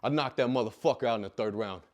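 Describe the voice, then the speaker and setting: A young adult man with a medium-pitched, darkish voice talks fast as he recounts his life story. It's profane and emotional, with phrases repeated for emphasis.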